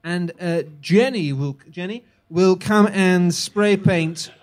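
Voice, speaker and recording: A man playing a fussy photographer. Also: high-pitched. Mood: bossy. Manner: bossy, hurried instructions. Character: fussy male photographer directing a shoot.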